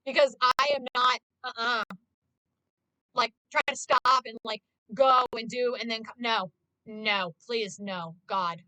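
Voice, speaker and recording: A woman with a high, bright voice rants to her stream in casual chat. She swears freely and sounds exasperated. The recording is close and dry, with no room sound. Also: fairly even intonation, slow pace, no room sound, poor audio. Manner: swears constantly, ranting and exasperated.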